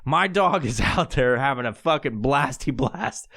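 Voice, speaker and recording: A man's voice: medium pitch, lively intonation, unhurried, fairly bright tone. A man, telling a rambling, profane, laugh-filled story as a podcast host. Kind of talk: casual storytelling.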